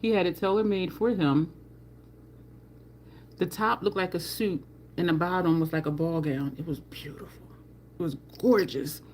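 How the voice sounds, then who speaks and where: A woman's voice: fairly low pitch, normal speed, long pauses, darkish tone, a little hiss or hum. A woman hosting a casual livestream, chatting with viewers and answering their comments while she does her makeup. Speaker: livestream host.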